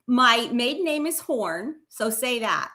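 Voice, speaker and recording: A woman who is a guest on a casual livestream chat, excitable and quick to laugh. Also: a little high. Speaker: guest researcher.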